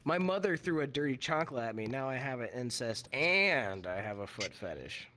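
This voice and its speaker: A man performing a stand-up comedy set in a virtual reality comedy club, talking on a headset and acting out characters in quick quoted voices. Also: mid-range voice, big pitch swings, bright, forceful tone, slight background noise.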